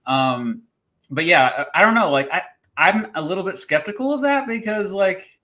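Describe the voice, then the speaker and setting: A man's voice: high voice, animated, normal speed, pushed and bright. A man hosting a casual livestream chat, talking in a chatty, hesitant way and laughing often. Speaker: host.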